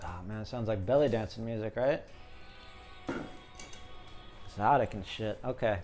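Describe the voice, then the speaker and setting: A man's voice: fairly low pitch, moderate pace, darkish tone. Chatty man reading tarot over music. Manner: jokey, chatty, talks to viewers as collective. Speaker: tarot reader.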